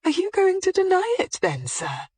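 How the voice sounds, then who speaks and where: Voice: mid-range voice, very animated, moderate pace, dry recording, pitched above the performer's own voice. An audiobook narrator voicing a composed woman police detective who questions a suspect with polite, persistent irony. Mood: ironic. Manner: politely persistent, mildly ironic.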